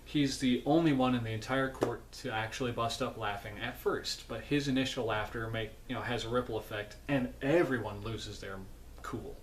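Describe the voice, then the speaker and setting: Male vlogger, mid-pitched voice, sleepy, rambling recap, faint hiss behind. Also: fairly even intonation, normal speed. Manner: rambling, self-correcting, chatty asides. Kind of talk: casual film recap. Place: home.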